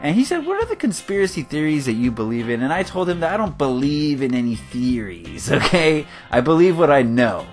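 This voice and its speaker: A man's voice: fairly high pitch, big pitch swings, fairly quick, hardly any pauses. A man from California giving casual, rambling commentary on his game build, laughing often. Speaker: gaming video host. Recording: faint guitar music behind.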